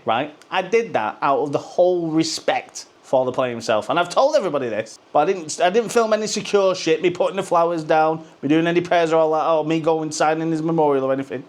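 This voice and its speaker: Sweary, sarcastic Mancunian football fan ranting. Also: male voice, fairly high pitch. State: sweating from the heat. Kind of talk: ranting casual monologue to camera.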